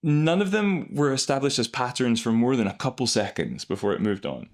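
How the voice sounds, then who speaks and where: A man, an improv coach hosting, explaining scenes in an animated, enthusiastic way. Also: medium pitch, brisk. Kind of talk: reaction and analysis commentary.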